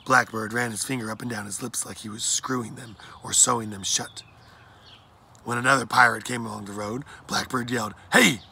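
A man reading a children's adventure story aloud in a plain, steady narration. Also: medium pitch, fairly quick, gravelly, slight background noise. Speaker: audiobook reader.

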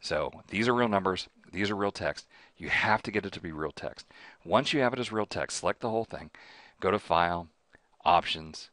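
A man's voice: deep voice, fairly bright tone, dry recording, studio quality. A man hosting a spreadsheet tutorial, chatty, often checking in with "right?" and voicing mild exasperation. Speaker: host.

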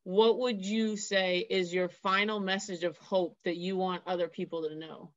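A woman's voice: fairly low pitch, steady tone, normal speed, muffled recording. A woman hosting a podcast interview who talks with enthusiasm and sums up her guest's points for listeners. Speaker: podcast host. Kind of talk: casual interview talk.

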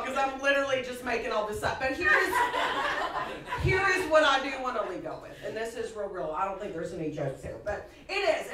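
A woman's voice: sits high, very noisy. A woman performing a stand-up comedy set on a live stage, chatty and full of laughing asides. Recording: echoey room from a distance, audience.

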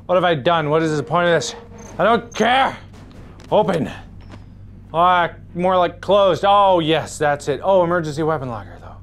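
A man in his thirties doing chaotic VR game commentary on a headset mic, swinging between loud outbursts and sick, out-of-breath muttering. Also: fairly high pitch, expressive, normal speed. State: nauseous and out of breath. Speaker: gaming video host.

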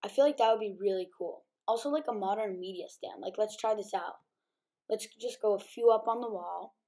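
A woman giving casual game commentary as a gaming YouTuber, chatty and filling pauses with um and like, sleepy from just waking up. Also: mid-range voice, warm tone. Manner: chatty, many ums and likes.

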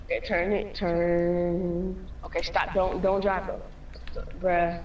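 A player in casual gaming banter over voice chat, giving quick directions and tips. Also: mid-range voice, little pitch movement, muffled recording. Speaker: gamer on voice chat. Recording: distant mic with faint noise.

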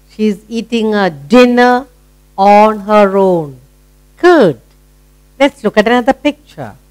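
A middle-aged woman with an Indian English accent teaching a phonics lesson to children, encouraging them and repeating each word slowly. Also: medium pitch, low-quality recording. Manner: slow, sing-song, encouraging, repeating words.

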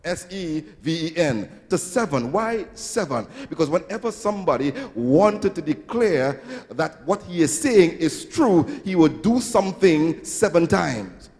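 A high-pitched man delivers a sermon, his voice gravelly at the edges. He swells into sing-song phrases and acts out quotes. The sound carries a long church-hall reverb. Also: very animated, measured pace, darkish tone. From Trinidad and Tobago. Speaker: pastor. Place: church sanctuary.

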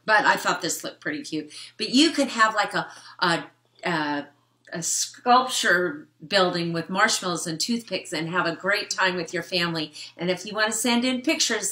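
An older woman reading a picture book to children in a gentle, chatty way, stopping to explain words and talk to the kids. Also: mid-range voice, echoey room. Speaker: storytime reader.

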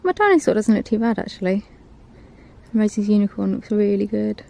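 A woman's voice: medium pitch, expressive, a little fast, vocal fry, warm tone. Tired, rambling young woman. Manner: chatty, rambling, lots of ums and likes. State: tired and sluggish. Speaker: vlogger. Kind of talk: casual chat.

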